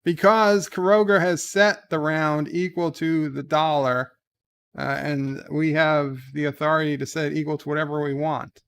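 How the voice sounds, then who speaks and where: A man hosting a casual live stream at home, reading out viewer letters and answering them in a wry, deadpan way. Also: on the high side, moderate pace, smooth. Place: home, indoors.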